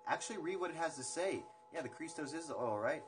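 His voice sits a little high, and he talks fast and animatedly. He's a young man running a laid-back livestream at home on his phone, chatting with viewers, wandering between subjects, and cursing here and there as background music plays.

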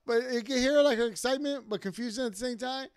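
A young man tells his church testimony in a casual, rambling way, full of fillers and asides. His voice sits high and sounds smooth and clear. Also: quick pace. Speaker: church member giving testimony.

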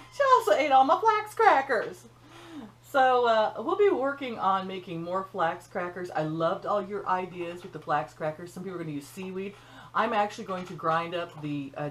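An older woman hosts her own cooking channel from her home kitchen, chatting in a folksy way with joking asides in a voice on the low side. The recording is low quality with slight background noise.

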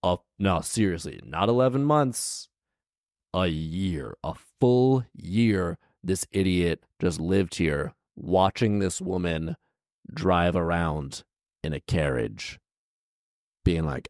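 A man's voice: fairly low pitch, expressive, slow, a little mellow, dry recording, studio quality. A man reading a fairy tale aloud with sarcastic, exasperated comedic commentary. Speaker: storyteller and podcast host.

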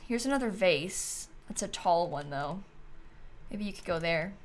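A woman's voice: fairly low pitch, expressive, unhurried, slight background noise. A woman streaming a game, chatting casually and musing aloud as she decorates, talking to her chat and sleepy enough to keep yawning. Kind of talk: casual livestream commentary while playing.

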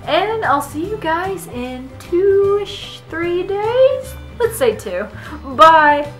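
A woman from Canada hosts a comedic vlog in a high, bright-sounding register. She talks in a bubbly, playfully sarcastic way straight to her viewers. Soft music plays faintly behind her. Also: big pitch swings, drawn-out words. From Canada (British Columbia). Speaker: vlogger.

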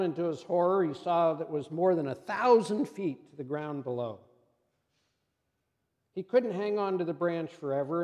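A man preaching a sermon in a measured, solemn way and telling a story to close it. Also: on the high side, mellow, in a large hall.

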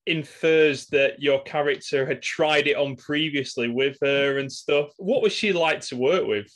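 A man's voice: fairly high pitch, unhurried, a bit bright. A man interviewing an actor, asking enthusiastic, admiring questions.

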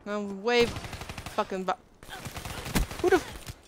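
A woman's voice: mid-range voice, expressive, takes it slowly. Young woman streamer cussing at a shooter game, voice jumping all over, faint noise and gunfire behind. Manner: frustrated, swearing, shouting at opponents. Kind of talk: live gameplay commentary.

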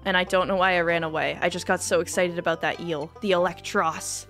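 A woman's voice: lowish voice, fairly even intonation, a little fast, a bit bright, faint music behind. Giggly, rambling woman streamer. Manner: chatty and rambling, full of "like"; self-deprecating, giggly. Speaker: game streamer. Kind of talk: casual live-stream chat.

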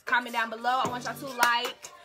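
A young woman speaking recounts a story for her vlog in an animated, dramatic way, repeating her lines for emphasis. Her voice sits a little high, and loud music plays behind her throughout. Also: fairly quick. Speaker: vlogger.

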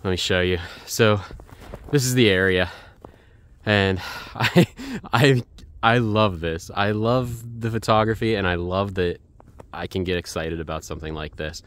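A man vlogging outdoors on a snowy mountain trail, gushing with excitement and repeating himself, filmed on a handheld camera. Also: sits low, measured pace. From United States. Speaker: hiking photography vlogger. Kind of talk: excited vlog narration while hiking.

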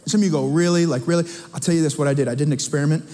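With rapid-fire delivery, a male pastor with a high-pitched voice preaches animatedly in a church sanctuary, chatting with, teasing and questioning the congregation. The large hall adds a long reverb.

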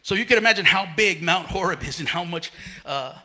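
Breathless high-voiced preacher. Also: male voice, fairly quick, sharp tone. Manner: repeats words and restarts often. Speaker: pastor. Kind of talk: sermon. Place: church.

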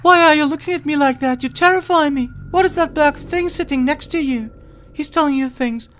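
A gamer voicing a young, kind-hearted girl while reading game dialogue aloud, with a high, sweet, tender voice. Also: brisk, a bit bright, slight background noise. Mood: frightened.

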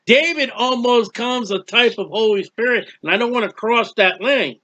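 A man's voice: very high voice, normal speed, sharp tone, dull audio. A man giving a conversational Bible teaching, emphatic and acting out quoted prayers and speeches.

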